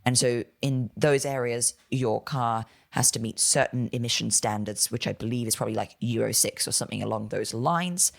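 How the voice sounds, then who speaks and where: A man's voice: medium pitch, moderate pace, creaky, few pauses. A British man co-hosting a podcast, talking casually with frequent fillers and corrections. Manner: chatty, with many fillers and self-corrections. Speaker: podcast co-host.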